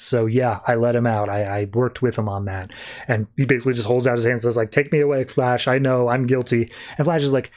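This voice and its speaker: A man casually recapping a comic on a podcast, slipping into quick, loose character voices as he retells each scene. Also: mid-range voice, fairly even intonation, darkish tone. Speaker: podcast co-host.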